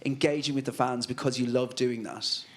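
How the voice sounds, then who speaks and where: A man's voice: medium pitch, steady tone, normal speed. A man interviewing a band, asking chatty, rambling questions with fillers.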